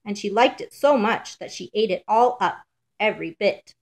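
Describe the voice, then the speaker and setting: Woman, storyteller, fairy tale read aloud, measured rhythm, mid pitch.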